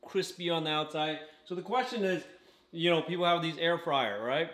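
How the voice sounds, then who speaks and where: A man runs a casual food review vlog from home, chatty and eating as he talks, frequently adding "okay?" to his lines. He has a fairly high, fairly bright voice at a moderate pace, and the recording carries a roomy echo.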